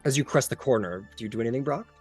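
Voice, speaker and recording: A man's voice: medium pitch, very fast, darkish tone, husky, soft background music. A man narrating as game master of a tabletop game, rambling with many fillers.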